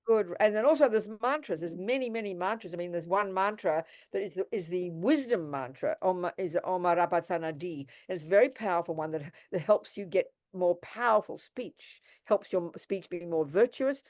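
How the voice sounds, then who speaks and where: A woman's voice: on the low side, expressive, moderate pace, few pauses, no echo, clean studio sound. An older woman teaching Buddhist practice on a video call, direct and emphatic, calling listeners sweetheart and darling. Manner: warm, direct, calls people sweetheart and darling.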